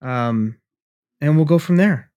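A man's voice: a little high, animated, slow, a little mellow. A man co-hosting a podcast in casual chat over a remote call from his garage, laid-back and loose. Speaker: podcast co-host.

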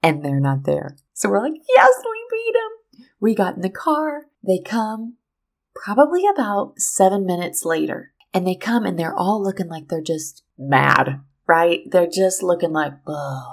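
Expressive woman podcast storyteller. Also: fairly low pitch, measured pace, vocal fry. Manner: lively, expressive storyteller who acts out what people said. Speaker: podcast host. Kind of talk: motivational storytelling monologue.

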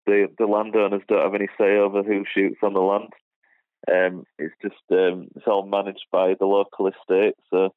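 Low flat British man on a tinny line. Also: no echo. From United Kingdom. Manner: hesitant, lots of fillers and restarts. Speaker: guest, shooting channel creator. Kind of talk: casual interview chat.

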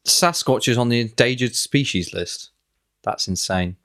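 A man's voice: medium pitch, a little slow, a bit bright. A man co-hosting a comedy podcast, joking playfully and backpedalling in banter. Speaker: podcast co-host.

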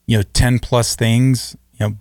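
Male co-host, low gravelly voice, halting and earnest, dry sound. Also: level tone, darkish tone, no echo. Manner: halting, many restarts, earnest. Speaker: podcast co-host. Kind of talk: casual podcast chat.

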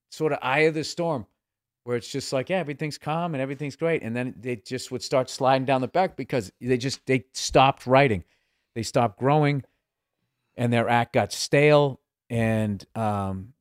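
A man's voice: mid-range voice, no room sound, clean studio sound. Profane, rambling male comedian guest. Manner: profane, rambling storyteller with many restarts. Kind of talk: casual chat.

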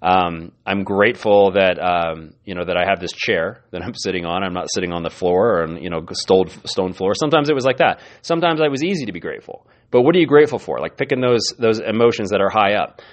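A man's voice: low voice, fast, few pauses. A man hosting a podcast, giving an earnest, encouraging motivational talk and often repeating his words. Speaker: podcast host.

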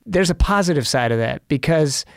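A man's voice: a little high, lively intonation, normal speed, gravelly, clear, resonant tone, no room sound, clean studio sound. A man in his forties with teenage daughters, talking earnestly about family and faith, telling stories. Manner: earnest, storytelling, prayerful. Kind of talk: casual faith talk.

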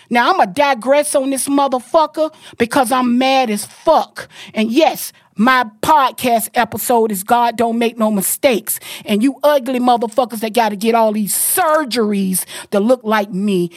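A middle-aged woman from Florida hosts a podcast and rants in a furious, profane torrent. Her voice sits a bit high for a woman and sounds close and dry, with no room around it. She hammers every point home. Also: dry recording. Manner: angry, profane, emphatic ranting. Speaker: podcast host. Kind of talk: heated podcast rant.

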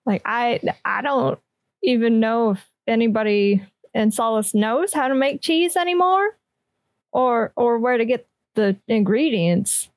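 Slow, casual woman playing a tabletop game. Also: on the high side, a little mellow, no echo. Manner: casual, hesitant, with restarts. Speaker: player. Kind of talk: in-character tabletop play.

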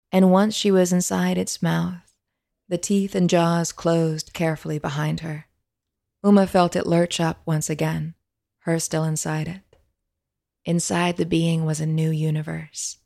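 A woman narrating a fantasy story in a gentle, measured storytelling manner. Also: fairly low pitch, gravelly.

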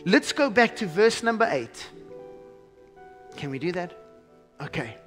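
A man preaching a sermon as pastor, emphatic, slowing to stress key phrases and dropping to a hushed tone. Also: sits high, sing-song, soft background music.

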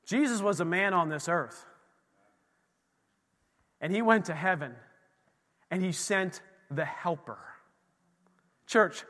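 High bright-voiced man preaching in a hall. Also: slow, long pauses. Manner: animated, conversational, acts out dialogue. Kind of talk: sermon. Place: church sanctuary. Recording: long hall reverb.

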